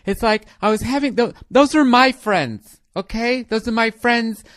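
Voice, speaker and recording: A man's voice: very high-pitched, a little slow, a bit bright, no room sound, clean studio sound, voice pushed up. A man voicing a nagging, emotional wife who pleads and keeps asking "okay?". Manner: whiny, pleading, repeats "okay?".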